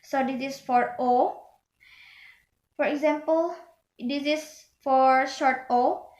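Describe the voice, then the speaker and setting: A woman's voice: high-pitched, steady tone, slow, a little mellow, roomy sound, muffled recording. A young woman from Indonesia giving a student class presentation, hesitant, with many fillers and restarts. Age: young adult.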